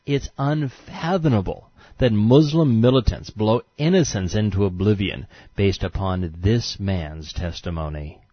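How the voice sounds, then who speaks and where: Deep-voiced sarcastic male narrator. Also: unhurried, hardly any pauses, dry recording, muffled recording. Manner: sarcastic, scornful commentary. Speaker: documentary narrator. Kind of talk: scripted narration.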